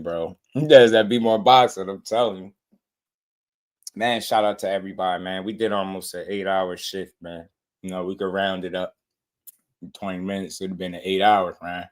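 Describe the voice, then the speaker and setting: A man hosting a boxing channel in casual chat, talking in laid-back slang and laughing often. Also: sits low.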